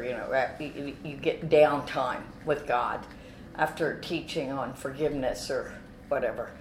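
A woman telling a personal faith testimony as an animated story, with frequent restarts and repeated words. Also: low-pitched, reverberant, noisy background. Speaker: speaker giving a personal testimony.

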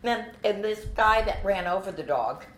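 A woman telling a personal faith testimony as an animated story, with frequent restarts and repeated words. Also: medium pitch, normal speed, echoey room, a little hiss or hum. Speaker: speaker giving a personal testimony.

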